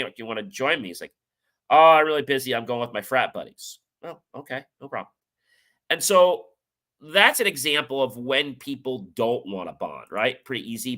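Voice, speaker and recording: A man's voice: medium pitch, pushed and bright. A man hosting a motivational talk, telling personal stories casually and acting out the dialogue. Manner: casual storytelling, acts out quoted dialogue. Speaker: show host.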